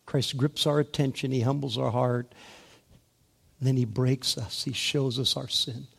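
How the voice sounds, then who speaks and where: A male preacher giving a sermon, moving between hushed, gentle passages and loud, rising emphasis, drawing out key words slowly. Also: medium pitch, fairly even intonation, vocal fry, slightly rough. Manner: slow, deliberate delivery with drawn-out key words.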